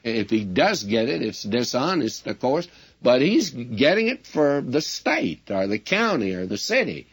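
A man's voice: medium pitch, sing-song, unhurried, breathy edge. A man preaching a sermon as a Bible teacher, speaking earnestly and addressing his listeners directly as friends. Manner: storytelling with quoted dialogue.

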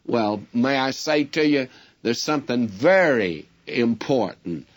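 A man with a mid-range voice preaches a sermon as a Bible teacher, speaking a little slowly and with expression. He talks earnestly, addresses his listeners directly as friends, and tells stories using quoted dialogue.

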